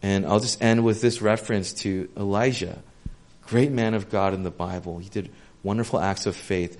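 A man preaching a sermon in an earnest, gentle, casual way, with plenty of fillers. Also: lowish voice, fairly even intonation, moderate pace.

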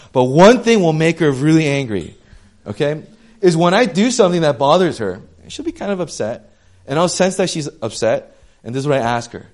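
A young man preaching a sermon in a conversational, animated way, full of casual slang and asides. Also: on the high side. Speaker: pastor.

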